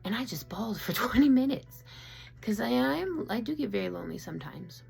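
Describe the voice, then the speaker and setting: In her own room at home, a woman vlogger confides casually and openly about her feelings, rambling with lots of fillers and restarts. Her voice sits on the high side, expressive and fairly quick, with creak and a darkish tone.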